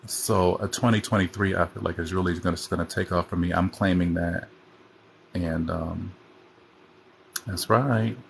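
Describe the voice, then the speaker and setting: A man's voice: deep voice, fairly even intonation, normal speed, creaky, long pauses, slight background noise. A man hosting a casual livestream chat on his phone, rambling and chatty as he jumps from topic to topic. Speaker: host.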